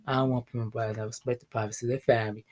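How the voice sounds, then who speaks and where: A young man talks through wrestling news in a loose, rambling way at an ordinary middle pitch. He laughs often and drifts between excited bursts and low mumbles. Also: rapid-fire. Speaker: vlogger. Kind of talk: casual wrestling news chat.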